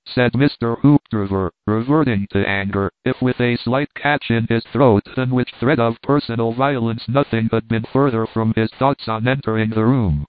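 A man reading a classic novel aloud in a measured, wry storytelling manner. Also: medium pitch, steady tone, no room sound. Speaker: narrator. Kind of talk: audiobook narration of classic fiction. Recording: tinny phone-like dry sound.

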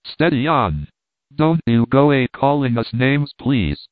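A man's voice: medium pitch, very animated, slow, dry recording. A man putting on a wheezy fat old gent. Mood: placating. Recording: tinny phone-like dry sound.

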